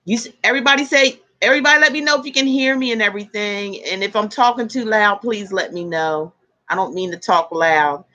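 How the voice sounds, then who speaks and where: A woman's voice: mid-range voice, steady tone, a little fast, pushed and bright. A woman hosting a casual livestream from a room at home, chatting, laughing often and greeting her viewers by name. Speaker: tarot reader hosting a livestream. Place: indoor room with air conditioner and fans.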